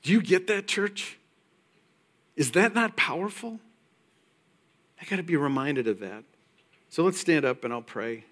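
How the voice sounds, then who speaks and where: A man preaching a sermon in a church, conversational and emphatic with quiet asides. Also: on the high side, animated, measured pace, long pauses. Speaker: pastor. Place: church sanctuary.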